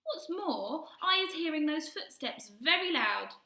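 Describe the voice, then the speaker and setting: A woman's voice: high voice, big pitch swings, unhurried, pushed and bright, reverberant, pitched above the performer's own voice, heavily acted. A woman voicing a kindly male giant who mangles his grammar and invents words, reading a storybook aloud. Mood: earnest, boastful. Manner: jumbled grammar, twisty made-up words. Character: kindly big-eared male giant, gentle, earnest.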